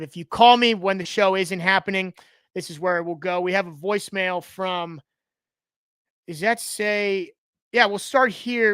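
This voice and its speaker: Hosting a live sports talk stream, a man with a high-pitched, clean-toned voice carries a bright, cutting edge. His delivery wanders in sarcastic, rambling stretches with frequent restarts, recorded close and dry with no room sound.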